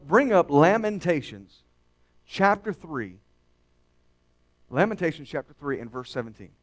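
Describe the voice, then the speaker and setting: A male pastor preaching a sermon to his congregation, swinging between hushed, confiding lines and loud, emphatic calls. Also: fairly high pitch, big pitch swings, unhurried. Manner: dramatic, swings from hushed to shouting.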